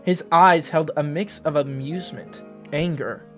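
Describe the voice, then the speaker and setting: A man reading a fanfic aloud in a casual comedic way, deadpan narration broken by outbursts. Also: fairly high pitch, a little slow, faint music behind. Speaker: fanfic reader.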